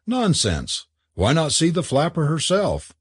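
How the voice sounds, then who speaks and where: A reckless, brash young student, as a man voices him in an audiobook. He talks in a theatrical, over-the-top way. His lines rise well above the narration with lively swings in pitch. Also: measured pace, slightly rough, no echo, clean studio sound, exaggerated voice. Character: bold, reckless young male student biker.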